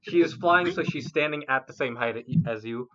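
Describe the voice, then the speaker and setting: A woman's voice: rumbling low, normal speed, a crowd in the background. A woman narrating as game master in a casual, laughing, sometimes swearing way. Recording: muffled lo-fi audio.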